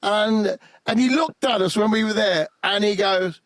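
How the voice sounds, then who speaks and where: A man, a guest musician, telling lively anecdotes in an animated way on a podcast. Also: high-pitched, moderate pace, dry recording. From England. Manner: lively anecdotal, acts out quotes. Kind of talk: animated storytelling.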